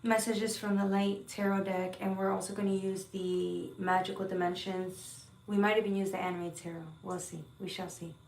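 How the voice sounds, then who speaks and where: A woman's voice: medium pitch, flat delivery, moderate pace, few pauses, a little mellow, roomy sound, recorded from a distance, a little hiss or hum. A woman giving a heartfelt, earnest spiritual tarot reading to her viewers, often repeating words and sometimes swearing. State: emotional at times. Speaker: tarot reader.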